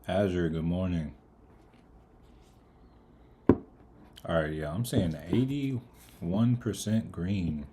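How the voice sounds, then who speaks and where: A man's voice: deep voice, very slow, pauses often, background noise. A man giving casual live market commentary, eating as he talks and greeting viewers in the chat by name. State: eating, mouth full of food. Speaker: livestream trader.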